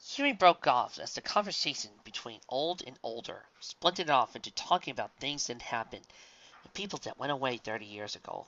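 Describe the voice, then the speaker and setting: A man reads a story aloud in a plain, even way. His voice is bright and forceful. The recording is dull and lo-fi. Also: mid-range voice, a little fast. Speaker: reader. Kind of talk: reading fan fiction aloud.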